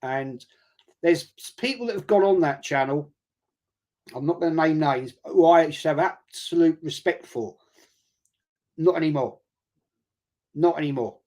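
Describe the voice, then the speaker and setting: Sounding a little mellow, this London-accented man speaks at normal speed with a fairly high pitch. As a guest fan pundit in a laid-back chat, he's blunt and profane, ridiculing rivals through sarcastic mock quotes.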